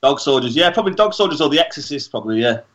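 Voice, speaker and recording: A man's voice: medium pitch, big pitch swings, racing, fairly bright tone, lo-fi sound. A man from England, a guest musician answering interview questions in an easygoing, laid-back way. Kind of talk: casual radio interview.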